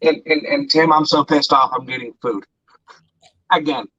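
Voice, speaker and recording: A man's voice: on the high side, fairly even intonation, moderate pace, pushed and bright, slightly rough. A man ranting angrily and profanely as co-host of an online talk show, speaking from his bedroom. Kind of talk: angry political rant. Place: bedroom at home. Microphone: distant from mic. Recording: dull lo-fi audio.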